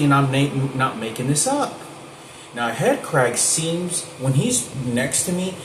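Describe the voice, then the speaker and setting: A man talks through a personal account in a loose, rambling way, circling back and repeating himself with insistence. His voice sits at an ordinary pitch for a man and bounces around a hard, echoey room. A steady air-conditioning hum runs underneath. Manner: repetitive, restarts sentences, insistent. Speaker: vlogger.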